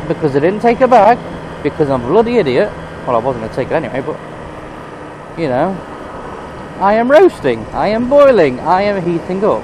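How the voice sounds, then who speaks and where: A young man riding a motorbike through town, swearing and ranting at other drivers in exasperated commentary. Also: fairly high pitch. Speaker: motorcycle vlogger. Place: on a motorbike in town traffic outdoors. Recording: loud road and traffic noise.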